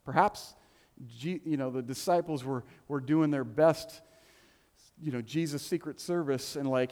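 A male pastor preaches a sermon in a church sanctuary, his fairly high voice unhurried with a darkish tone. He's conversational and joking, tossing in playful asides, while the hall carries a long reverb.

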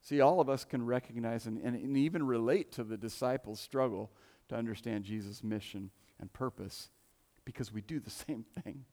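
A male preacher with a mid-pitched voice who talks through his sermon casually, asking the listeners questions as he goes. His voice carries through a large church with a long reverb tail. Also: moderate pace, mellow. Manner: conversational, rhetorical questions, restarts.

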